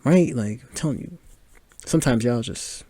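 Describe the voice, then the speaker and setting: Chatty young man with a lively voice. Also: mid-range voice, moderate pace, husky, dry recording. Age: 20s. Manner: chatty, laughing, filler-heavy. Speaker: podcast host. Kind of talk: casual movie commentary.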